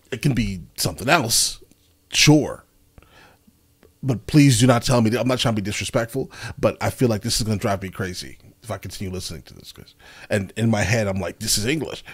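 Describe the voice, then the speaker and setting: A man's voice: fairly low pitch, husky. A man hosting a reaction video, commenting casually and expressively with disbelief. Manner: expressive, incredulous.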